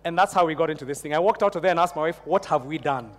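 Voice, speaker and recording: A man's voice: fairly high pitch, rapid-fire, in a large hall. A man preaching a sermon to a church congregation, telling a personal story and building into fervent prayer. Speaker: pastor.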